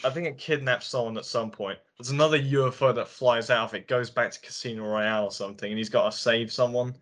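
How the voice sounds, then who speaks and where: A man's voice: medium pitch, fairly even intonation, fast, a bit bright. A man co-hosting a film review podcast, casually retelling scenes with lots of filler. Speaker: podcast co-host.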